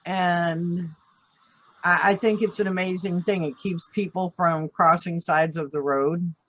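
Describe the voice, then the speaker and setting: A man's voice: high voice, steady tone, fairly bright tone. A man hosting a casual video-call chat, teasing and joking playfully. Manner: playful teasing, quick jokes. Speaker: show host.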